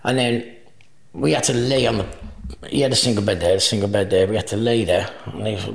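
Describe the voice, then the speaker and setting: A man's voice: lowish voice, fairly quick, vocal fry. A man as an interview guest, telling crude travel anecdotes with frequent laughter. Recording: echoey room.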